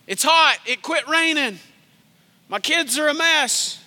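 A man preaching a sermon as pastor, energetic and conversational, dropping to hushed tones at times. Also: very high voice, takes it slowly, big-room sound.

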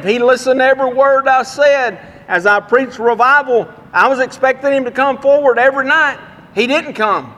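A man's voice: extremely high pitch, pushed and bright. A man preaching a sermon, telling a personal story in a folksy, plain-spoken way. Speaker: traveling revival preacher. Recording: long reverb of a large room.

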